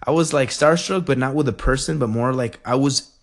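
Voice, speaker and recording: A man telling a story in a casual, rambling and excitable way, full of fillers. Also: mid-range voice, a little fast.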